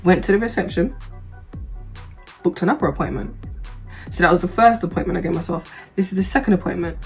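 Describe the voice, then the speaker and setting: A woman's voice: fairly low pitch, slightly rough. A woman vlogger telling a personal story in a casual, humorous, slangy way, getting heated as she relives the anger.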